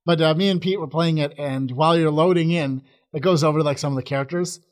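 A man's voice: a little high, fast. A young man co-hosting a casual podcast, talking in a rambling, hesitant way with many fillers. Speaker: podcast co-host. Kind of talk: casual chat.

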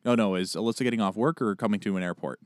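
A man co-hosting a podcast in casual chat, animated and joking, with quick asides. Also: fairly low pitch, dry recording, clean studio sound. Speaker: podcast co-host.

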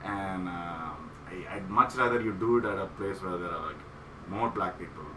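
A man's voice: low voice, moderate pace. A man telling a long rambling story in casual chat, often laughing and stumbling over words. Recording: roomy, distant mic with background noise.

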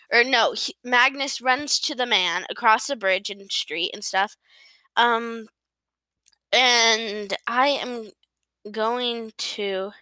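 A woman's voice: a little high, sharp tone, clear, resonant tone, no room sound, poor audio. A woman chatting casually about a book chapter, rambling, correcting herself and giggling often. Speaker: book reviewer. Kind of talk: casual book review chat.

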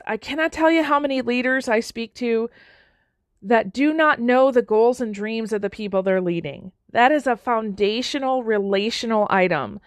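A woman's voice: on the high side, no room sound, studio quality. A woman giving a motivational talk on leadership, telling stories in an earnest way and acting out the people she quotes. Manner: earnest, restarts often, acts out quoted dialogue. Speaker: leadership speaker.

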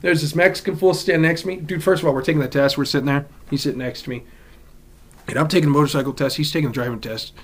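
A young man from Southern California, co-hosting a podcast and telling stories in casual chat, animated and profane. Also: a little high, racing. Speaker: podcast co-host.

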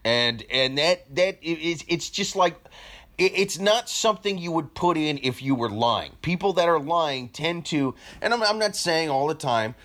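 A man who does comedy talks politics with a co-host in loose, casual chat. His voice leaps up high when he gets excited and drops low when he turns more thoughtful. He trips over his words now and then as his thoughts run ahead of him. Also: moderate pace. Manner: animated, shifts pitch a lot.

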